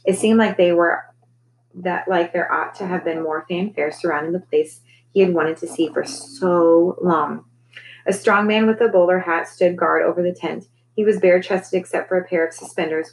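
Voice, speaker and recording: A woman with a low voice reading a children's novel aloud to her class, unhurried and clear. Her narration is gentle and even, with a faint bit of noise in the background. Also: poor audio.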